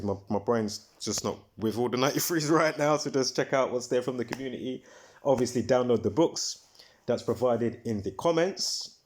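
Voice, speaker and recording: With a mid-range, slightly mellow voice, this man hosts his own video in an offhand, rambling monologue. Fillers and repeats abound, he restarts frequently, and he curses when heated.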